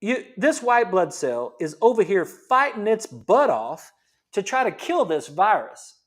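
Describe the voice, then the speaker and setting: A middle-aged man with a drawl gives a health talk as a chiropractor. His voice sits high for a man and swings up and down with energy. He talks in a fired-up, preachy way, firing off rhetorical questions. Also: very animated, measured pace.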